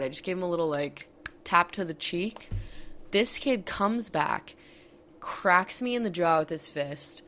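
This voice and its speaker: A woman's voice: low voice, fairly bright tone, a little hiss or hum. A young woman podcast host candidly recounting a personal college story, with many fillers and some swearing.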